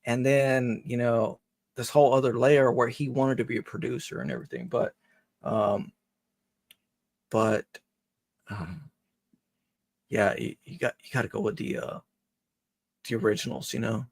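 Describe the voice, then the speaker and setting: Gravelly man, rambling casual chat. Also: mid-range voice, a little slow, long pauses, a little mellow, no echo. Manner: rambling, joking, swears freely. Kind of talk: casual chat on a live stream.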